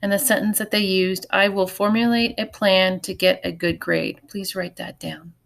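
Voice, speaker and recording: Woman teaching a recorded phonics lesson, gravelly edge. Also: medium pitch, steady tone, normal speed, fairly bright tone. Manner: patient, clear, step-by-step instruction.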